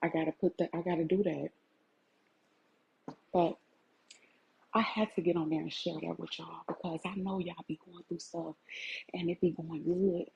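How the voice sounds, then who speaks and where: A woman's voice: fairly low pitch, moderate pace, vocal fry, pauses often, warm tone, slightly rough, rough recording. A woman, giving an impassioned, tearful talk to her livestream viewers. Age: 40s. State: crying. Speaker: vlogger.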